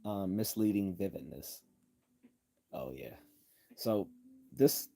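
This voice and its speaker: A man's voice: low voice, dark tone, husky. A man hosting a casual livestream lecture on logical fallacies, with sardonic asides and frequent ums. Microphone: desktop computer mic.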